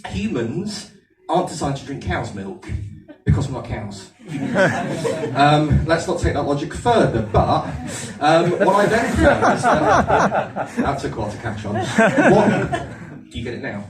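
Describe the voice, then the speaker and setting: A man's voice: a little high, sing-song, unhurried, music in the background. A man with an Aldershot accent, getting over a cold, doing a chatty, self-mocking stand-up set and teasing the audience. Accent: Aldershot English. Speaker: stand-up comedian. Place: comedy venue with a live audience. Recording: echoey room, distant mic, audience laughter.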